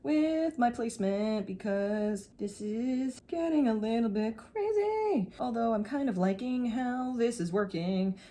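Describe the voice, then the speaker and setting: A woman's voice: on the high side, animated, measured pace, hardly any pauses, dark tone. A young woman chatting casually while she paints, with jokey, self-teasing asides and a teacherly way of giving tips. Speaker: painting vlogger; math teacher.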